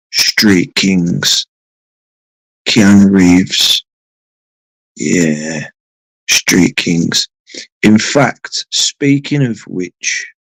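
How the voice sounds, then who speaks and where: A man's voice: on the low side, dry recording, poor audio. A man hosting a late-night live stream from home, chatting to viewers in a rambling, sweary way. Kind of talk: casual chat with viewers.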